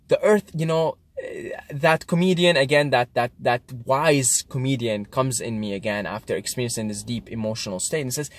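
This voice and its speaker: A man in a casual confessional monologue, earnest and repetitive, swinging between hushed and emphatic delivery and often tagging on "right?" and "okay?". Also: medium pitch, moderate pace. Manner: frequent fillers like "right?" and "okay?". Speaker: vlogger recounting a psychedelic trip.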